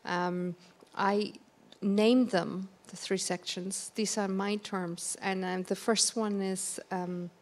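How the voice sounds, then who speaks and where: A woman's voice: medium pitch, level tone, slow, few pauses. Hesitant woman moderating a talk. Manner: hesitant, many fillers and restarts. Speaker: conference moderator. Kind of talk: conversational onstage discussion. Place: theatre stage.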